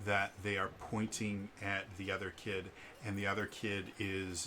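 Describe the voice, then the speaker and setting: Male game master, bright and forward, slow and halting narration. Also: on the low side, slight background noise.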